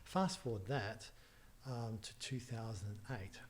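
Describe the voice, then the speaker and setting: A middle-aged man, a tech entrepreneur as interview guest, telling anecdotes with laughs and quick restarts. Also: on the low side, slight background noise. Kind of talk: casual storytelling in a podcast interview.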